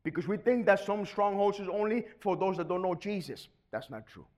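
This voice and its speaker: A middle-aged man preaching a sermon, swinging between quiet, steady teaching and sudden loud, shouted bursts. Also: high-pitched, a little fast. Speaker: pastor.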